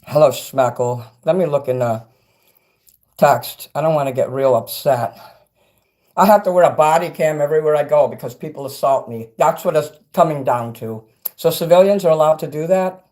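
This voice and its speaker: A middle-aged man livestreaming and reading chat, ranting angrily and profanely, swinging between loud outbursts and quiet asides. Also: on the high side, moderate pace. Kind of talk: angry livestream rant.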